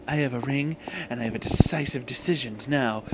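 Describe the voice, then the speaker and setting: Blaze: a man doing a cool, flat-voiced cat woman. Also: medium pitch, fairly quick, breathy edge, rough recording. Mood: dark. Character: cool self-assured female cat.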